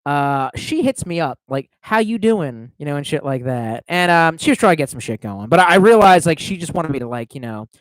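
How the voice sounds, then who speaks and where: A man's voice: fairly high pitch, big pitch swings, a little fast, hardly any pauses, no echo. A young man streaming, telling a long rambling story in casual, profane talk.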